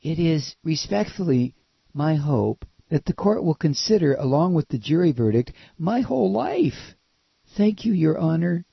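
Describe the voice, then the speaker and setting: A man's voice: high voice, sing-song, unhurried, slightly rough, dry recording, pitched above the performer's own voice, heavily acted. A man putting on a sarcastic, mocking impression of a smug, entitled convicted official thanking the court, heard on a dull, lo-fi recording. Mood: soft, pleading.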